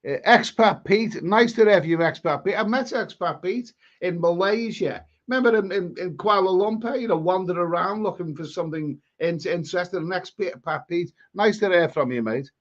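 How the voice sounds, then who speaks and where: A man's voice: high voice, normal speed, hardly any pauses, lo-fi sound. A man with a Scouse accent hosting a live stream, chatting casually and rambling through viewer comments with many restarts. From England.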